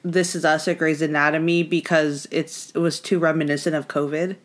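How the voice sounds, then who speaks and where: A young woman co-hosting a podcast in casual chat, relaxed and agreeable, laughing easily. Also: sits low, a little fast. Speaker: podcast co-host.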